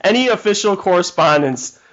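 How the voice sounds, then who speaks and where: A man's voice: sits high, lively intonation, brisk, a bit bright, highs cut off. A man co-hosting a podcast, making wry quips and laughing often. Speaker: podcast co-host. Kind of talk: casual comedic podcast chat.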